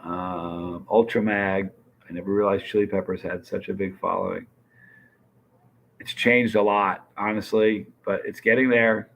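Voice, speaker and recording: A man's voice: lowish voice, steady tone, unhurried, muffled recording. Rambling, chatty man hosting a live stream. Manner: rambling, chatty, greets viewers by name. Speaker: livestream host. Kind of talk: casual live chat reading viewer comments.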